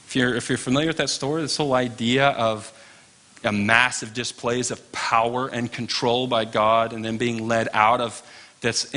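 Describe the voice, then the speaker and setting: A man's voice: mid-range voice, bright, forceful tone. A man teaching an informal Bible class, chatty and wry, tossing asides to his listeners.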